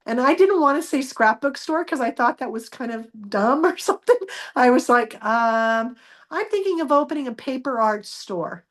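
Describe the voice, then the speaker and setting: Woman telling her story, kinda high voice, really animated, acts out all the dialogue. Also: normal speed. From United States. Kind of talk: personal storytelling.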